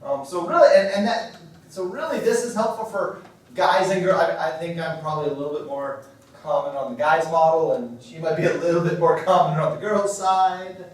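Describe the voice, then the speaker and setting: High-voiced guy in his 40s teaching a church marriage class, keeps asking okay?, super roomy echo, far from the mic. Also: fairly even intonation, normal speed. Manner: conversational, self-deprecating, checks in with "okay?". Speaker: marriage workshop leader. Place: church hall. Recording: very echoey hall from far off.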